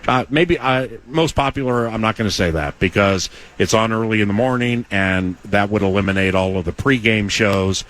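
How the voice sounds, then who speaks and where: A man's voice: lowish voice, normal speed, few pauses, a bit bright. A male sports radio host chatting with a guest, effusive in his praise and rambling with many fillers.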